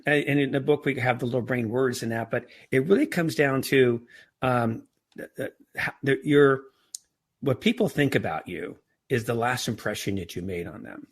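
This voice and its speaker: Middle-aged guy on a podcast, kinda husky, keeps tripping and restarting his words. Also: medium pitch. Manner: frequent restarts and stammered repeats. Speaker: podcast guest, author. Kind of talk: casual interview talk.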